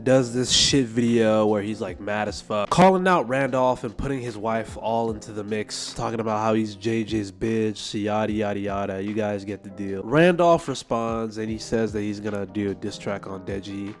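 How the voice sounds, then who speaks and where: A man's voice: on the low side, normal speed, few pauses, faint music behind. A man hosting a commentary vlog on internet drama, blunt and profane, mocking the people involved. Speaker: YouTube commentary host.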